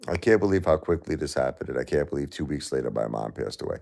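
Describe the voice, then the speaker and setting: Deep, gravelly grieving man. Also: animated, quick pace, few pauses. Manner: raw, repetitive, swings between anger and hushed disbelief. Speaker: livestream host. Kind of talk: emotional live-stream monologue.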